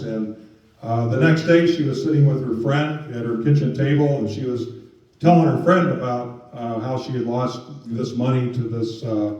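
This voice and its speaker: A man's voice: medium pitch, warm tone. Storytelling man in an echoey hall. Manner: storytelling, acts out quoted voices with lots of fillers. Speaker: speaker giving a talk on scams. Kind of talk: public talk retelling stories. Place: museum meeting room. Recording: echoey far-off hall sound, dull.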